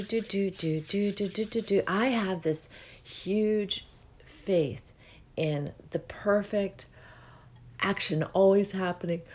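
Yawning, meandering woman podcast host. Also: fairly low pitch. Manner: yawns often while talking, relaxed and meandering. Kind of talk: spiritual podcast monologue.

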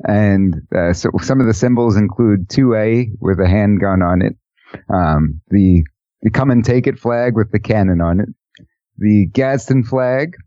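A man's voice: on the low side, unhurried, mellow, no echo, dull audio. A man on a political discussion panel, speaking wryly and holding back chuckles as he reads out a list. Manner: wry, chuckling while reading out a list. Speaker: panel guest.

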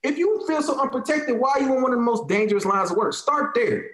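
A man's voice: very high voice, animated, fast, fairly bright tone, reverberant, low-quality recording. A man in his thirties with an African American Vernacular English accent, ranting in casual talk; heated, profane and emphatic, repeating lines to drive his point home. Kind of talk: casual opinionated rant.

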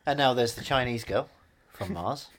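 A man's voice: mid-range voice, normal speed, fairly bright tone. A man in casual chat who teases and quizzes his friend in a jokey way.

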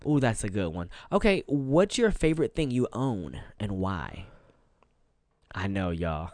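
Man, playful teasing interviewer; lively swings in pitch, dry sound. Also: measured pace, dry recording. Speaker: podcast interviewer. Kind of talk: casual chat.

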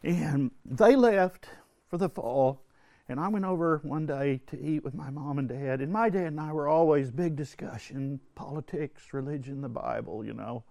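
An older man telling a personal story to a religious retreat group, earnest and halting, often restarting his sentences. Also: fairly high pitch, a little mellow, no room sound. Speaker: retreat speaker. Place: indoor retreat hall.

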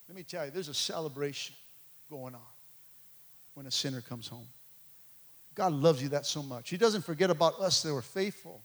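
A man's voice: sits high, normal speed, pauses often, fairly bright tone. A man preaching a sermon as a pastor, emphatic and conversational, pressing his points home.

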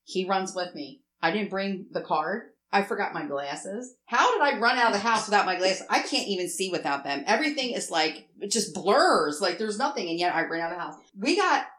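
Animated, swearing woman in an echoey room. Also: medium pitch, brisk, few pauses. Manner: animated, swears often, rambling storytelling. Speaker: storyteller in a casual chat. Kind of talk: casual chat. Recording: roomy echo.

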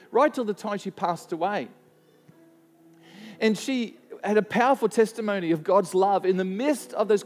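A man with a high-pitched voice preaches to a church congregation. He tells his story earnestly, often restarting a phrase before pressing on. Soft music plays underneath. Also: big-room sound. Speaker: pastor. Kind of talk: sermon storytelling.

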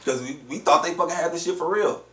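Animated, swearing man telling a story. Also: fairly high pitch, fast. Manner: animated, heavy swearing, slangy. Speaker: podcast co-host. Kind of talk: casual storytelling. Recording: roomy, distant mic.

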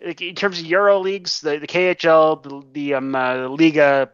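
A man co-hosting a casual podcast, analytical and halting with many restarts, swearing casually. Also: a little high, steady tone, fairly bright tone, smooth, no room sound. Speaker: podcast co-host. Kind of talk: casual chat. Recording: dry, dull lo-fi mic.

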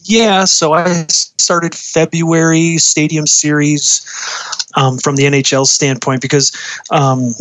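A man's voice: on the high side, level tone, slow pace, fairly bright tone, dry recording. A man who works as a uniform designer, speaking casually in an interview, with many ums, uhs and restarts. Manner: hesitant, many fillers and restarts.

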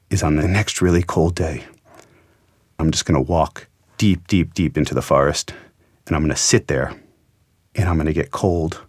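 A journalist with a very deep, darkish voice, captured in a dry, studio-quality recording, earnestly retells an emotional experience of his own. He quotes the dialogue as part of a storytelling interview.

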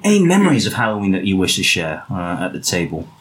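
Comedy podcast host, a man with a bright, animated voice who teases his guests playfully. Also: deep voice, fast talker. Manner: playful, teasing, steers the chat. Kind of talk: casual comedic group chat.

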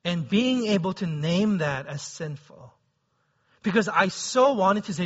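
Man, pastor, high voice, bright, chatty sermon, muffled lo-fi recording. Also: animated, measured pace. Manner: conversational, often asks the listeners "right?".

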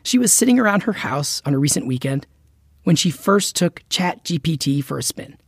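A podcast host reading a scripted narration in a measured, explanatory way. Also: medium pitch, very animated, dry recording, studio quality. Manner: clear, measured explainer delivery.

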